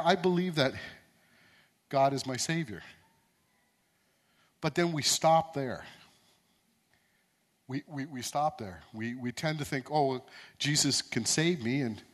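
A man with a notably high voice delivers a sermon. He is earnest and stumbles into repeated words, then builds toward emphatic, rising peaks. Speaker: preacher.

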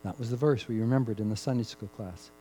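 A man preaching a sermon, rising to loud emphatic peaks and dropping to hushed, drawn-out phrases, repeating key words for emphasis. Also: on the low side, a little hiss or hum, low-quality recording. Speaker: pastor.

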